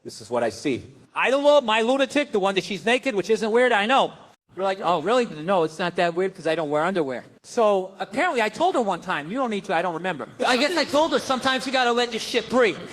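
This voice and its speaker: A middle-aged man doing stand-up on a club stage, telling a profane, animated story and mimicking his family. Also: sits high, quick pace. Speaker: stand-up comedian.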